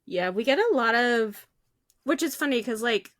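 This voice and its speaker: A woman's voice: fairly high pitch, normal speed, no room sound, clean studio sound. A woman co-hosting a podcast in casual, chatty talk, filled with "like" and "um". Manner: chatty and animated, with many fillers. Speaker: podcast co-host.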